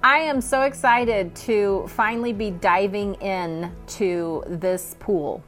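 A woman's voice: mid-range voice, slow pace, a bit bright, soft background music. A woman in her fifties from California, hosting her own podcast in a bubbly, candid, self-deprecating solo talk. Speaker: podcast host. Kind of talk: upbeat solo podcast monologue.

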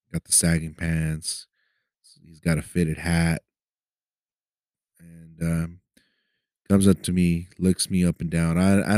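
In a deep, darkish voice, a podcast host in Los Angeles tells a personal story as casual storytelling, speaking profanely and conversationally while often asking "right?". The studio sound is clean, with no room sound.

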